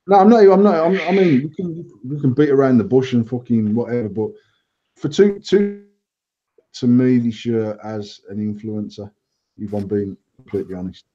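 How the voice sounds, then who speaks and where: A man's voice: mid-range voice, moderate pace, mellow, lo-fi sound. A man from England co-hosting a casual chat, blunt and rambling, swearing freely and restarting his sentences. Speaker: vape company owner, co-host.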